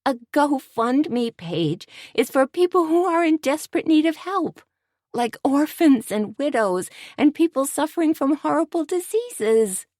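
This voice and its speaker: A woman voicing a brash, sharp-tongued café waitress who speaks loudly and sassily. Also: high-pitched, sing-song, measured pace, no room sound, clean studio sound, pitched above the performer's own voice. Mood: incredulous. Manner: loud and sassy.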